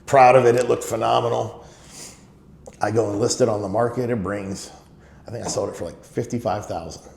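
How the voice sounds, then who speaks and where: This man's fairly low voice is gravelly and a little mellow, steady in tone and a bit fast. As a middle-aged business owner interviewed candidly, he tells stories emphatically and relies on "you know." The recording has room echo and faint noise.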